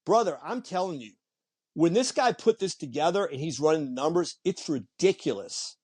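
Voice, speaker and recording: His fairly high voice has a slight roughness and a normal speed. He's a podcast guest spinning casual anecdotes, animated and doing the voices of the people in them.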